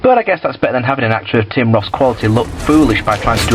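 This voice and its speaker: A man's voice: mid-range voice, animated, very fast, over loud music, low-quality recording. A man reviewing films in a casual, blunt and sweary way, with frequent fillers. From United Kingdom. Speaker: film reviewer.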